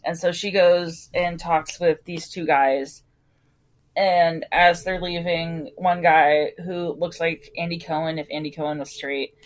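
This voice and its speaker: A woman's voice: on the low side, fairly even intonation, measured pace. Laid-back young woman recapping a show. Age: young adult. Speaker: podcast co-host. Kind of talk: casual chat.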